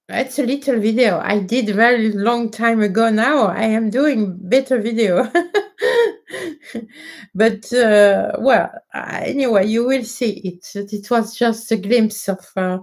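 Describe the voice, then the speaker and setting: French woman doing a live q&a, slow and halting, lots of uhs and restarts. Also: mid-range voice, a little mellow. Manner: hesitant, many fillers and restarts, nonnative phrasing. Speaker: livestream host answering viewer questions. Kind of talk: casual live Q&A.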